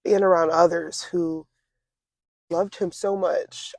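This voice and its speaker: A young woman in her twenties, an interview guest speaking casually and reflectively, pausing often with fillers and restarts. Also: fairly low pitch, steady tone, darkish tone, no room sound. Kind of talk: casual conversation.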